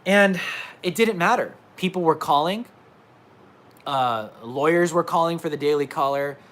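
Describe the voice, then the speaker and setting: A man's voice: a little high, measured pace, fairly bright tone. A man reporter ranting emphatically in a livestream monologue from indoors at his laptop, repeating himself. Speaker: independent reporter.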